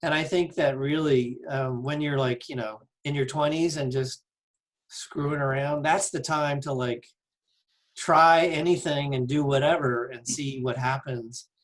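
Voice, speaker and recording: Mid-pitched man, thoughtful and hesitant. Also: steady tone, a little slow. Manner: thoughtful, hesitant with many ums. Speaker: band member. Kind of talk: casual chat.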